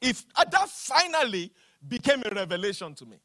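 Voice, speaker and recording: A man preaching a sermon, calling for the congregation to repeat lines and slowing down to stress his words. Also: extremely high pitch, very animated, pushed and bright, no echo, clean studio sound. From Nigeria. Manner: emphatic preaching with call-and-response, slows down to stress lines. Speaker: pastor.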